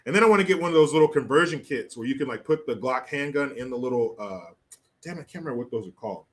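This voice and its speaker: A man's voice: mid-range voice, lively intonation, fast. A man hosting a political commentary show, ranting in a profane, sarcastic way. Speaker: host.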